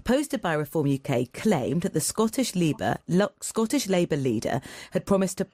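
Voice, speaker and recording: A woman's voice: on the low side, very animated, moderate pace, warm tone, no room sound. A woman interviewer pressing her guest with probing questions. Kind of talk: political interview.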